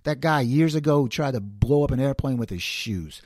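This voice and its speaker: A man's voice: mid-range voice, moderate pace, darkish tone, dry recording, studio quality. A man hosting an opinionated solo commentary, ranting and firing off rhetorical questions. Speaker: host.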